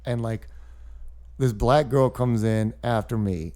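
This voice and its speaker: Animated man telling stories in voices. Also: medium pitch, slow pace. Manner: animated storyteller doing voices and sound effects. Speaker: guest comedian. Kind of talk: casual storytelling chat.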